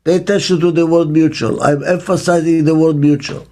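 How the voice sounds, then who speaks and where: An older man, a business consultant giving a reflective interview, speaks emphatically and deliberately, repeating key phrases and posing rhetorical questions. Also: on the high side, steady tone, warm tone, soft background music.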